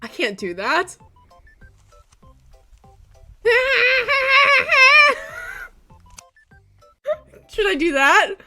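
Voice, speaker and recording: A young woman streaming a game, chatting casually and breaking into loud laughing shrieks. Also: high-pitched, sing-song, moderate pace, hardly any pauses, soft background music. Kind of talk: casual gaming stream chat.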